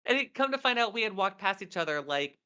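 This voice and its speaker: Bright, chatty woman podcast co-host. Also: medium pitch, sing-song, fast talker, clear, resonant tone. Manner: rambling storyteller, many fillers. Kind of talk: casual chat.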